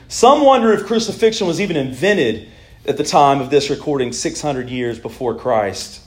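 High-pitched preacher, dramatic swings. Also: male voice, expressive, normal speed, reverberant. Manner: dramatic, rising and falling delivery, reads scripture aloud. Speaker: pastor. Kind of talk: sermon.

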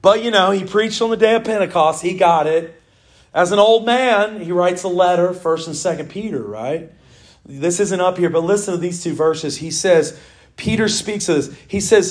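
A man, preaching an animated sermon in church as the pastor, telling stories and reading scripture. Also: high voice, normal speed. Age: 40s. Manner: animated storytelling preaching, mimics owl calls.

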